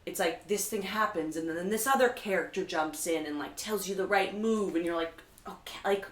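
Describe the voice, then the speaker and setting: A woman co-hosting a live comedy show, telling animated stories in casual chat, her voice jumping high when she gets excited. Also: brisk. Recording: echoey room, mic at a distance.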